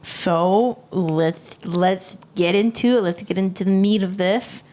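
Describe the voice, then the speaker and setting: A woman's voice: mid-range voice, takes it slowly, mellow. A young woman co-hosting a podcast in casual chat, teasing her sister and laughing often. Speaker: podcast co-host.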